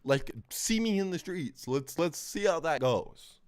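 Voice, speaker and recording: Streaming his reaction, a man angrily dissects a clip, cursing constantly and speaking over the footage. His voice runs on the high side and is expressive, and his delivery is unhurried.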